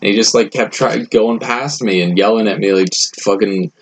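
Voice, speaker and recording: A man's voice: fairly low pitch, fairly even intonation, moderate pace, a little hiss or hum, poor audio. A young man co-hosting a casual podcast, telling a rambling story and acting out the people in it. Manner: rambling storyteller, acts out quotes loudly. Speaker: podcast co-host.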